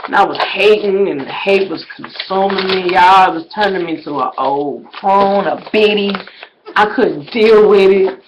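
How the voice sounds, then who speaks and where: Talking at a moderate pace in a mid-range voice, a vlogger speaks conversationally to her audience, whom she calls "y'all." She moves between quiet, almost whispered remarks and loud shouted outbursts, with background noise present.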